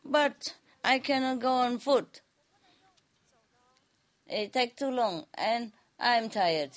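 A woman's voice: on the high side, expressive, slow, voice pushed up. A sly old trickster mullah feigns innocence and teases with every line, as a woman narrator plays him. His voice sits well above her natural register, light and coy. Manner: teasing, mock-innocent.

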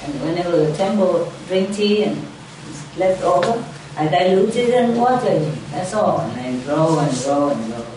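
A woman who does not speak natively, telling an animated anecdote in casual chat. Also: on the low side, normal speed. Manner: animated, broken English, gestures while telling. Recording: echoey room, distant mic, faint noise.

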